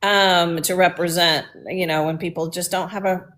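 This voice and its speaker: A woman's voice: fairly low pitch, fairly even intonation, normal speed, a bit bright. A woman from Texas co-hosting a casual political talk show, talking in a blunt, mocking way with frequent restarts. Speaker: co-host.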